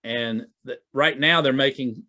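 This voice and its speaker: A man's voice: mid-range voice, a little slow, pushed and bright. A man talking as a business coach in a casual, conversational way, often repeating and restarting his words. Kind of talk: casual talk to camera. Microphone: video recording to camera.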